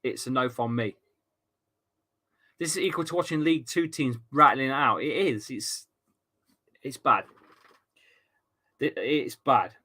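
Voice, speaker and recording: A man's voice: medium pitch, a little slow, pauses often, sharp tone, husky. A young man streaming a football watchalong, chatting casually, reading out viewer comments and swearing now and then. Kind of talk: live match watchalong commentary.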